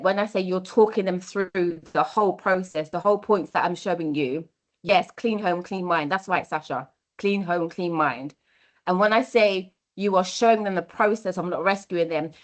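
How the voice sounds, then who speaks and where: A young adult woman giving a workshop talk, earnest and encouraging, repeating her key phrases. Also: on the low side. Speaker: workshop speaker on mentoring.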